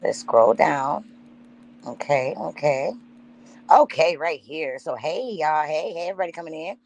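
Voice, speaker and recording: A woman's voice: low-pitched, lively intonation, unhurried, a little mellow. Blunt, profane woman livestreaming to her chat. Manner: loose and unprepared, stops to fumble with things. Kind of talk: casual livestream talk to chat.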